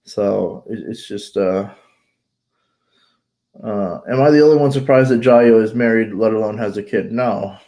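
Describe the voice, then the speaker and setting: A man's voice: lowish voice, measured pace, mellow. A man chatting casually as a vlogger, talking bluntly and rambling with lots of fillers and restarts, congested from allergies. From United States. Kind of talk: casual chat.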